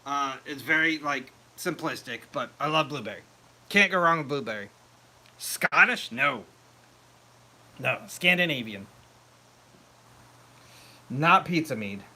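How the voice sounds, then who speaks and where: A man's voice: on the high side, expressive, unhurried, long pauses, pushed and bright. A man hosting a casual home mead-making livestream, chatting loosely and laughing at himself as he answers viewers. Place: home meadery.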